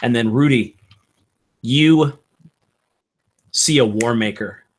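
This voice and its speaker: Narrating a tabletop session as game master, this man speaks in a husky, mid-range voice, his delivery slow and halting and scattered with fillers.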